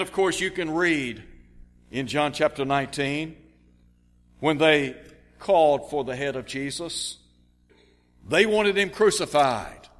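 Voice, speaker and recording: A man's voice: a little high, fairly bright tone, long reverb tail. A man preaching a radio sermon, reading scripture aloud and explaining it earnestly.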